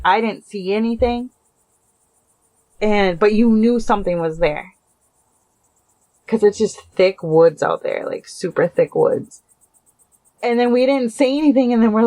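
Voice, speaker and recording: A woman's voice: fairly low pitch, a little mellow. A woman from North Minneapolis casually telling a true scary story in a chatty, rambling way with lots of fillers. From North Minneapolis, USA. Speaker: caller sharing a true story.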